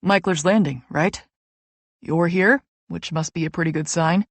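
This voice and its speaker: A woman voicing a charming, teasing young male hockey player, speaking slower and a bit lower. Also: slightly rough, no room sound. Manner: easygoing, teasing, slower delivery.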